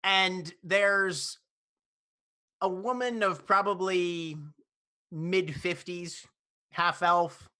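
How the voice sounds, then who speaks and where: A man's voice: high voice, steady tone, extremely slow, pauses often, sharp tone. A man running a tabletop game as game master, narrating scenes and laughing often as he goes.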